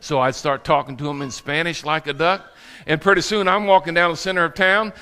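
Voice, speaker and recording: A man's voice: fairly high pitch, steady tone, brisk, sharp tone, smooth, in a large hall. A male preacher giving a sermon with folksy, humorous storytelling. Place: church sanctuary.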